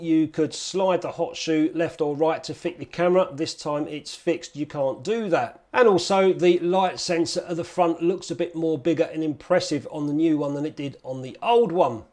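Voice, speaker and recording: A man's voice: on the high side, normal speed, few pauses, darkish tone, no room sound. A man chatting casually and upbeat to camera as a film photography vlogger.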